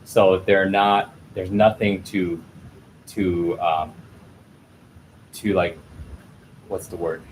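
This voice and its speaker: A man hosting a casual chat while stretching, animated and acting out the voices he quotes. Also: low voice, very slow, long pauses, a little hiss or hum. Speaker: host.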